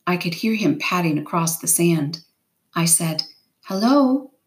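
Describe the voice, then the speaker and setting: Woman, reader, novel read aloud, steady unhurried storytelling, low voice.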